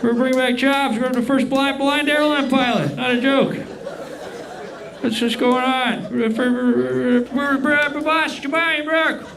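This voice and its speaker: A man's voice: very high voice, fairly even intonation, a little slow, vocal fry, crowd noise, full character voice. A man doing a rambling, confused old politician. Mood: mumbling confused. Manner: rambling, mumbling, trails off into nonsense. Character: rambling elderly male politician, folksy and confused. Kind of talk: comedic impression on a podcast.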